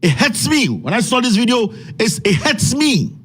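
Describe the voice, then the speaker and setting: Ghanaian male host, angry rant, rhetorical questions, raspy voice, high pitch. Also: big pitch swings, moderate pace, a bit bright. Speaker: commentary host. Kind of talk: impassioned social media commentary.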